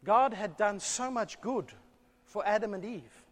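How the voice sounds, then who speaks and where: A man preaching a sermon in church, telling a story with animated delivery and rhetorical questions. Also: sits high, a little slow. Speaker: pastor. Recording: long church reverb.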